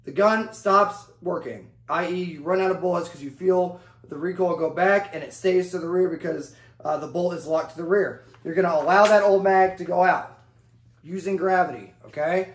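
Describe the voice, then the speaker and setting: A man's voice: sits high, normal speed, roomy sound. A man giving a firearms lesson as an instructor, talking in a drill-like way and checking in with "okay?" after each step. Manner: drill-like, repeats "okay?" and key phrases. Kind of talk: instructional demonstration.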